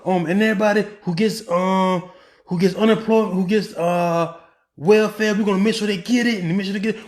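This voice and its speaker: In a room with noticeable echo, a political commentary podcaster with a high male voice talks through his opinions casually and at a brisk clip. His delivery is animated, full of rhetorical questions, restarted sentences and filler ums.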